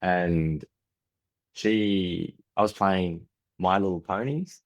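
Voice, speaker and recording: A man's voice: sits low, steady tone, takes it slowly, muffled recording. A man in his forties with an Australian accent, a podcast guest telling candid stories, often restarting sentences and acting out family dialogue. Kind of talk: candid conversational storytelling.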